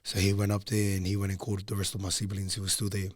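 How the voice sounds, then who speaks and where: Young male guest, low voice, rambling casual storyteller, dry close sound. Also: monotone, very fast, dry recording. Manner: low-key, loose, rambling with frequent ums. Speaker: podcast guest.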